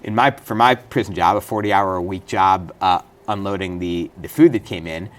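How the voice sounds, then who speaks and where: A middle-aged man speaks as an interview guest in a very deep voice. He tells his story earnestly and in detail, now and then restarting a phrase. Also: moderate pace. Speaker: interview guest, former state senator and prisoner. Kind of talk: studio interview.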